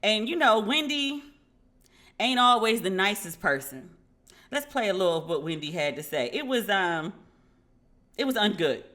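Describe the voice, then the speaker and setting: A woman hosting a podcast in a casual, animated way, acting out dialogue and talking frankly with profanity. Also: medium pitch. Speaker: podcast host. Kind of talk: casual commentary.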